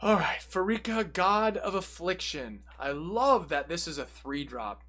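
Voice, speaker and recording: A fairly high-voiced young man talks through a card deck one card at a time. He reads the card text in a steady run, then breaks off into quick, joking asides in a casual, chatty tone. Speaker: deck tech presenter.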